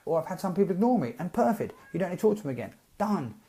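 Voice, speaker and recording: A man coaching network marketers in a casual live stream, chatty and animated, acting out both sides of text chats. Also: sits high, rapid-fire. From Britain.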